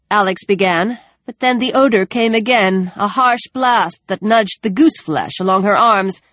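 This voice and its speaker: A woman narrating an audiobook in a measured, even reading voice on a close microphone. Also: mid-range voice, no echo.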